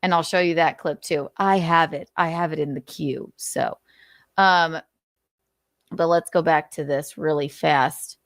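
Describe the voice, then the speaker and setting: A woman's voice: low voice, steady tone, a little slow, no echo, studio quality. A woman hosting a livestream, ranting angrily with constant swearing and repeated rhetorical questions, at times choked up. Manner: angry, profane, repetitive rhetorical questions. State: choked up with emotion. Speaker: livestream host. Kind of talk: heated commentary rant.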